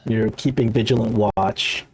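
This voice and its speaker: A man narrating a tabletop game as game master, halting with frequent restarts. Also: on the low side, slight background noise.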